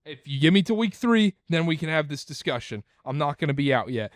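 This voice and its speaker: A man's voice: a little high, big pitch swings, fairly quick, no echo, clean studio sound. A man hosting a casual sports podcast, talking emphatically and repeating his points. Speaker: podcast host.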